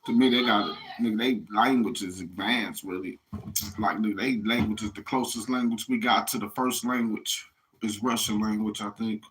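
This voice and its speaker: An American man rambles through a casual monologue, talking directly to his listeners in profane, slangy street talk. His fairly low voice has a fairly bright tone, fairly even intonation, and a moderate pace.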